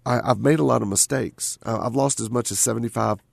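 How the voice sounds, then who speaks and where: A man's voice: medium pitch, a little fast, gravelly, breathy edge, dry recording. A man hosting a radio talk show, chatting casually and tagging his points with "right?" and repeated phrases.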